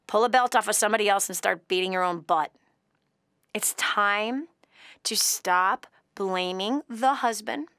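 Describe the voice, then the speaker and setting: A woman hosting a call-in advice show, talking bluntly and emphatically, scolding and coaching her caller, swinging from loud bursts to hushed tones. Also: high-pitched, dry recording, clean studio sound. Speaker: radio show host giving financial advice to a caller.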